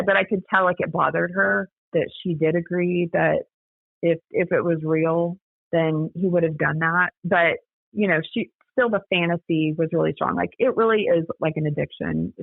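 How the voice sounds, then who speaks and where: Woman guest, gravelly voice, chatty with lots of "like", sounds like a phone line, dry. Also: fairly low pitch, steady tone, a little fast, no echo. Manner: chatty, lots of "like" and "you know". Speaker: guest, daughter of a scam victim. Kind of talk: casual interview storytelling.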